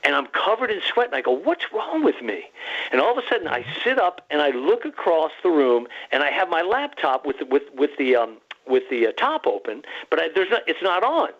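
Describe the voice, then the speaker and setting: A man loudly telling a personal story as a guest on a call-in radio show, repeating himself for emphasis. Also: on the high side, big pitch swings, fairly quick, hardly any pauses. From lives in Arizona. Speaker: guest researcher. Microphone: phone line. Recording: dull lo-fi phone line.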